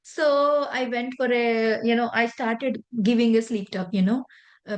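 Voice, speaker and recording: Speaking at a fairly high pitch with fairly even intonation and a measured pace, a woman gives a spiritual lesson on meditation. She's earnest and conversational, shares a personal story, and her grammar is loose.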